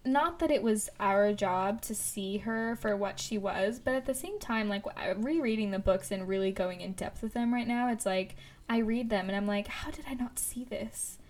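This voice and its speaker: A young woman chatting casually about books, talking quickly with lots of fillers and laughter. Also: medium pitch, darkish tone. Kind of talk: casual book discussion chat.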